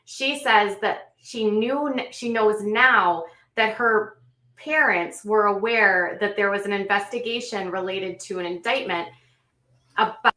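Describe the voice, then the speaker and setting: A woman host recapping a story and adding her own commentary, in a measured way with frequent ums and self-corrections. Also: medium pitch, pushed and bright. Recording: echoey room, voice a bit off the mic.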